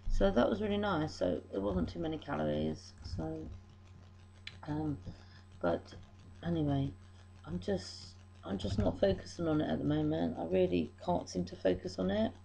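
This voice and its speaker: Tearful woman with a gravelly voice. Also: on the low side, darkish tone, rough recording. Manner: rambling, apologetic, self-deprecating. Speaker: vlogger. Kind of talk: emotional diary vlog.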